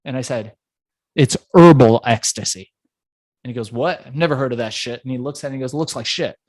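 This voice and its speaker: A man from Iran tells a story from his own life in a conversational interview, pitching his voice up and down to act out the people he met. His voice sits in a middle range. The sound is dry and close, with no room echo. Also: rapid-fire. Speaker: entrepreneur guest.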